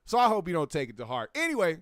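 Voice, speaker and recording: A man's voice: a little high, huge pitch swings, very fast, no echo, clean studio sound. A young man hosting a casual pop-culture commentary show, talking in a profane, rambling way with frequent restarts. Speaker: host.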